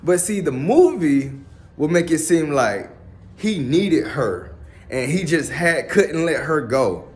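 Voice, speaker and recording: Blunt, profane man talking slowly. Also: fairly high pitch, very animated. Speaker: commentator. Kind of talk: casual opinionated monologue.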